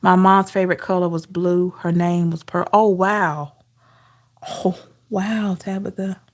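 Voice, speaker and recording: A woman's voice: lowish voice, flat delivery, moderate pace. A woman giving an intuitive tarot reading, emotional and talking straight to her viewers. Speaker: tarot reader.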